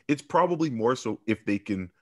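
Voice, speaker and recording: A man's voice: mid-range voice, animated, moderate pace, darkish tone. A man on a podcast arguing a point in casual chat, earnest and often restarting his sentences. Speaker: podcast co-host. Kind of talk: casual movie review chat.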